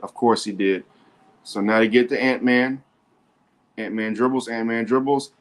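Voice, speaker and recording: Live basketball commentary comes from a sports show host who gets excitable and keeps repeating himself. He has a mid-range voice and talks at a normal speed.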